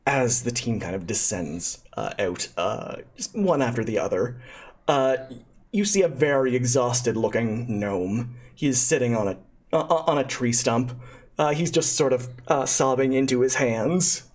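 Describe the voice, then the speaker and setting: A medium-pitched, slightly mellow voice belongs to a game master running a tabletop game live on stream. The narration is halting and full of fillers, with thanks to donors along the way.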